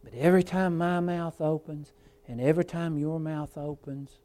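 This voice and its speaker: A man preaching an evening church sermon, fervent, swinging between hushed and loud passages, quoting scripture and calling the congregation folks and brother. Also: a little high, fairly even intonation, moderate pace. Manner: quotes scripture in old-style wording.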